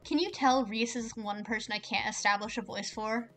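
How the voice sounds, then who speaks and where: A woman's voice: fairly high pitch, fairly bright tone, faint music behind. A woman streamer chatting casually and jokingly while reading a visual novel aloud. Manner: rambling, joking, fast with fillers.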